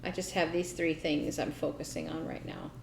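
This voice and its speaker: A woman's voice: deep voice, normal speed, vocal fry, a little hiss or hum. A woman co-hosting a casual crafting chat, talking in a chatty way with many fillers and easy laughs. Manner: chatty, laughs easily, lots of "you know". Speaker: podcast co-host. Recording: roomy echo.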